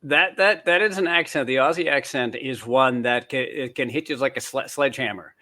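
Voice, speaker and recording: Bright-voiced man telling rambling stories. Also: medium pitch, brisk. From born in Canada, raised in the United States. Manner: animated, rambling storyteller. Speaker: guest author. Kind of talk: casual interview chat. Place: home in New Zealand.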